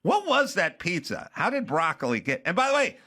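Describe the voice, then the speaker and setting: Animated, ranting comedic male podcast host. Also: high voice, fairly quick, husky. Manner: exasperated, animated complaining with mock outrage.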